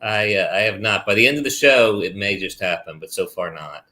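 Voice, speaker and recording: Man, middle-aged, from the DC area, low bright voice, dry teasing humor, talk show guest. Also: animated, brisk. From Washington DC area. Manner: dry, teasing, pedantic jokes. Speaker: guest comedian and attorney. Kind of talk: casual talk show banter.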